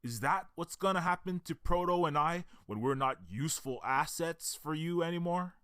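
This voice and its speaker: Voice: mid-range voice, normal speed, fairly bright tone, smooth, dry recording, clean studio sound, natural voice. A player voicing a betrayed male detective who accuses and confronts the person who deceived him. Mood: angry. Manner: accusing, indignant.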